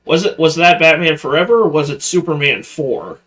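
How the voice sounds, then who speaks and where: A man's voice: a little high, a little fast, a bit bright. A man co-hosting a casual chat, giving blunt opinions. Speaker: podcast co-host.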